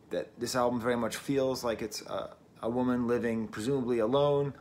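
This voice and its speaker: A man from New England reviews an album at home in the early morning, speaking casually and wryly and often laughing at himself. His mid-range voice keeps a steady tone at a fairly quick pace. The camera mic picks up a little hiss or hum.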